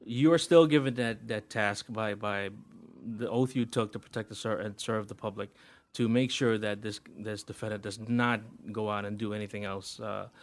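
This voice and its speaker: A man with a fairly low voice answers interview questions as a pretrial officer. He talks haltingly, with frequent pauses and restarts. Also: steady tone. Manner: hesitant, many fillers and restarts.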